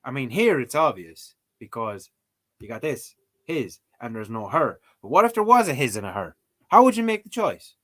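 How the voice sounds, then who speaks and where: A man's voice: mid-range voice, big pitch swings, normal speed, a bit bright. An Irish man giving joking, mock-outraged commentary while he works through a language-learning app. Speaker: streamer playing a language app. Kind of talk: casual comedic commentary.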